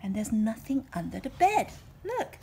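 A brisk, scolding storybook dad waves away silly fears, as a woman reading aloud puts him on. His voice sits a bit high and swings up and down. A faint hum sits behind him. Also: very animated, gravelly, dark tone. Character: dismissive father, king.

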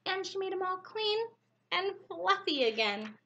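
Animated high-voiced woman reading to children. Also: a little slow, highs cut off, slight background noise. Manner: animated, exclamatory storytelling with gasps. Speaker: preschool teacher. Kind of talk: children's story time reading.

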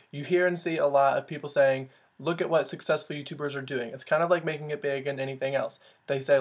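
A young man hosting a comedic vlog, sarcastic and self-mocking, swearing freely. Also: on the high side. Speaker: vlogger.

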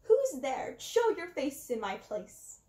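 Girl putting on a high shrieky clown baddie, sing-songy taunts, echoey room. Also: wildly swooping pitch, moderate pace, a little mellow, slight background noise. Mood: shouting suspicious. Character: shrill boastful villain clown rat, male. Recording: roomy echo.

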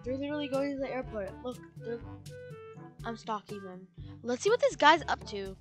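A woman's voice: a little high, animated, normal speed, over music. A young woman co-hosting a casual let's-play, chatty and upbeat. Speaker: gaming channel co-host.

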